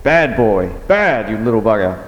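A man's voice: lowish voice, sing-song, moderate pace, dull audio. A man voicing a crude, exasperated grown man in a reading, in a reverberant room. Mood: annoyed. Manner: blunt, exasperated.

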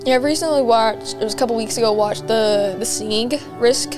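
A woman's voice: a little high, brisk, music in the background. A young woman co-hosting a podcast, chatting casually and rambling through stories with many restarts. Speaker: podcast co-host. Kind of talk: casual chat.

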